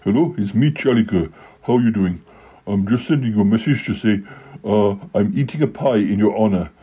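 A man voicing a self-important, pie-eating male creature who calls himself a celebrity and rambles with many halting pauses. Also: on the low side, slightly rough, phone-quality sound. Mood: boastful.

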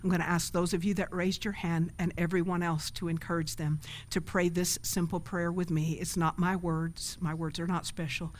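A woman's voice: on the low side, level tone, normal speed, few pauses. A woman pastor preaching a sermon and leading an altar call, emphatic and calling for responses from the congregation.

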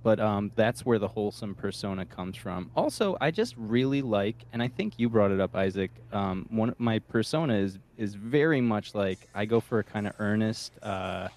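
Halting low-voiced man chatting. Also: animated, darkish tone. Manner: halting, filler-heavy, self-deprecating. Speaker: musician guest. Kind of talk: casual chat.

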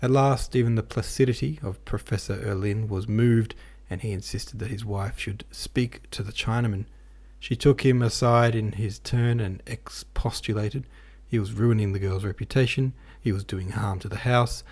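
A man reading a classic novel aloud as an audiobook narrator, with a measured, even delivery. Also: fairly low pitch, slightly rough. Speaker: podcast host and audiobook reader.

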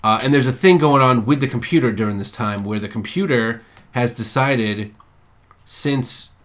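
A man of middle pitch co-hosts a casual podcast. He recaps plots in a loose, rambling, animated way, with restarts and cheerful swearing throughout. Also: moderate pace, a little hiss or hum. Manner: rambling, profane, animated retelling. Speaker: podcast co-host. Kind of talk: casual chat about a TV series.

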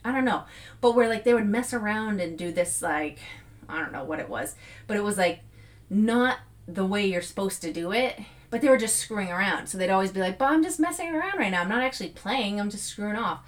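A middle-aged woman hosting a podcast, giving casual motivational talk with frequent fillers and laughs. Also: fairly low pitch. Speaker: podcast host.

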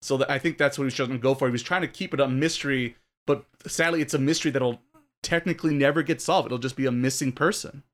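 A man's voice: medium pitch, quick pace. A man co-hosting a podcast, chatting casually and giving long, opinionated explanations. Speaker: podcast co-host. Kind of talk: casual chat.

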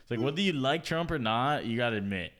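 A young man co-hosting a podcast in loose, profane casual chat, often breaking into laughter. His voice is bright and forceful with a middling pitch. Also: lively intonation, fast. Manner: crude, laughing, slangy. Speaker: podcast co-host.

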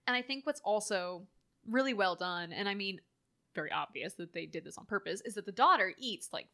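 A woman co-hosting a casual chat, animated and full of filler words, acting out quoted lines as she talks. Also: medium pitch, a little fast. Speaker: podcast co-host. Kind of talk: casual chat reviewing a horror film.

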